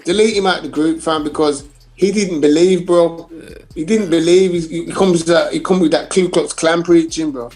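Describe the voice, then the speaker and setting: Emphatic high-voiced man full of slang. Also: fairly even intonation, moderate pace, darkish tone, a little hiss or hum. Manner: emphatic, repeats his points, London slang like "bruv" and "innit". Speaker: podcast co-host. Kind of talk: casual football chat.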